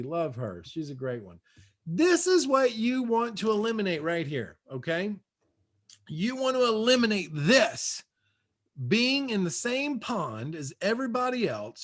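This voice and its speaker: A man with a fairly high voice delivers a motivational seminar talk from his own house over a video call. He drives his points home with short, repeated phrases and keeps urging his listeners on. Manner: punchy, repetitive, exhorting. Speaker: guest speaker and real estate coach.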